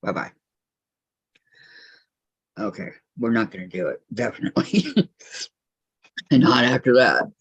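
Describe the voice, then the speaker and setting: A woman's voice: extremely low pitch, very animated, unhurried, long pauses, husky, no echo. A woman hosting a casual quilting live stream, chatting, laughing and reading viewer comments aloud. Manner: chatty, laughs often, reads chat aloud. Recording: muffled lo-fi dry audio.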